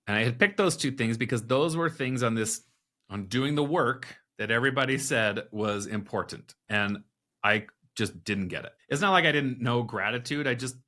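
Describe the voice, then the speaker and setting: A man's voice: medium pitch, moderate pace. Man telling a candid personal story. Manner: candid, animated retelling with quoted inner dialogue. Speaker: podcast guest.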